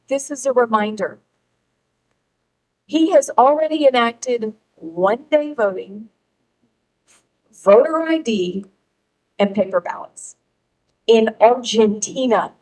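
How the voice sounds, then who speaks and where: A middle-aged woman addresses a gathered audience in a rallying public speech. Her voice sits a little high, and she leans hard on key words with dramatic pauses between them. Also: animated, poor audio. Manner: emphatic, rallying, with pauses for effect. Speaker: speaker at a political gathering.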